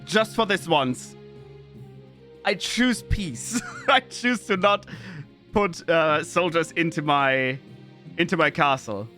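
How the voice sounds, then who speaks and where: A man's voice: fairly high pitch, slow pace, sharp tone, faint music behind. A man, streaming a game in chatty commentary, often laughing and reading game text aloud. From Austria. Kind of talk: gameplay commentary.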